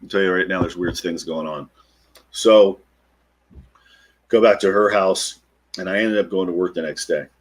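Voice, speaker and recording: A middle-aged man, a podcast guest, retelling a personal encounter in an animated way and acting out the quotes. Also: deep voice, normal speed, pauses often, a little hiss or hum. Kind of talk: storytelling interview.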